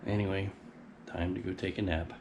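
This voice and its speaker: A man's voice: sits low, flat delivery, moderate pace, muffled recording. A man vlogging as he walks outdoors, talking into a small handheld mic in a rambling, offhand running commentary. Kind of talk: casual walking vlog. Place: outdoors, walking around town and by a flooded river. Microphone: small handheld external mic. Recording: noisy outdoor phone-style recording.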